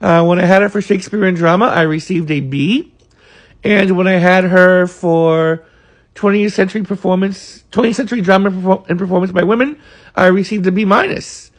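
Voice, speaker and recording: A man's voice: high voice, moderate pace. A man, earnestly recalling college days in a rambling monologue full of fillers. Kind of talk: casual reminiscing monologue.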